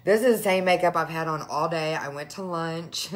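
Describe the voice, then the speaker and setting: A woman's voice: deep voice, normal speed. Teary woman talking through tears. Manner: breathless, laughing through tears. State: teary, crying. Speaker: direct sales vlogger. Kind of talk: emotional casual live chat.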